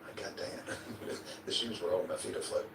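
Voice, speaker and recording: In a noisy, echoey replayed clip heard from a distance, an interview guest recounts a lively story in an easygoing way. His voice is deep and gravelly at a normal speed, and he acts out quotes, occasionally cursing or chuckling.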